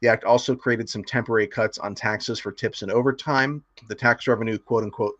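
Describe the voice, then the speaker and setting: A man co-hosts a laid-back political podcast, reading figures off his notes with plenty of fillers and frequent laughs. His voice is fairly low yet fairly bright, and the recording is dry and dull, lo-fi with no room sound.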